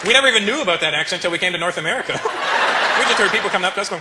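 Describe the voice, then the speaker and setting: A man's voice: high voice, animated, rapid-fire, heavy background noise. A male stand-up comedian speaking to a live audience in a teasing, conversational way. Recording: live show with loud crowd laughter.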